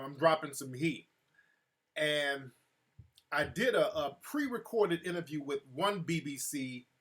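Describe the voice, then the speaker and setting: A man hosting a casual live talk show, telling stories in an animated way and calling out chat viewers by name. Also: medium pitch. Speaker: show host.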